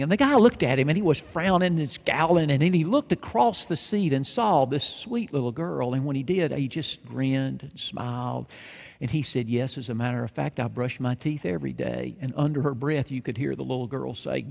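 Gravelly-voiced guy preaching, tells a story and does the voices, big echoey church hall. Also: medium pitch, normal speed. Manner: animated, acts out dialogue, drops to hushed tones. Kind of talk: sermon storytelling. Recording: long reverb of a large hall.

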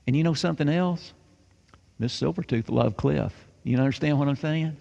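A man's voice: on the high side, normal speed, creaky, warm tone, lo-fi sound. A man telling a childhood story to a live audience, folksy and fond of repeating key phrases. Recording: reverberant hall sound.

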